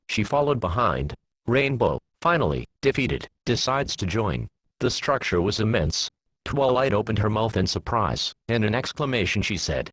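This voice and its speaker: A man reading a fan story aloud, giving the characters lowered voices. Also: expressive, normal speed, slightly rough, dry recording, low-quality recording. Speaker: fan fiction reader.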